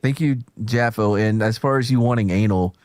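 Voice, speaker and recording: A man's voice: fairly low pitch, normal speed, a little mellow, no room sound. A man hosting a casual chat show, crude, joking and rambling. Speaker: host.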